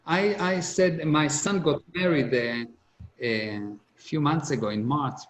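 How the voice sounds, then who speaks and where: Middle-aged male seminar speaker, slightly high voice, earnest, repeats for emphasis; echoey conference hall sound. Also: takes it slowly. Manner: earnest, repetitive emphasis, non-native English grammar. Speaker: business speaker. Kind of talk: motivational seminar talk. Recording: roomy hall echo.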